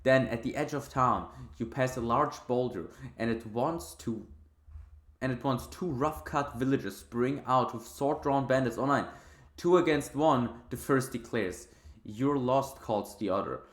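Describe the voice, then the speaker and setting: A man's voice: mid-range voice, a little slow, echoey room. A man hosting a let's play, reading game text aloud and breaking into casual, swear-filled commentary and laughter. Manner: swears freely, laughs at the story.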